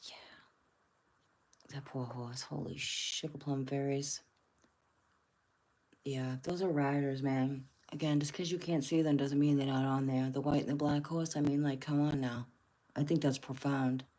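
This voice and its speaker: A woman's voice: a bass voice, fairly even intonation, a little slow, pauses often, dark tone. A woman hosting a casual livestream, musing aloud and rambling with many fillers. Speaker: host.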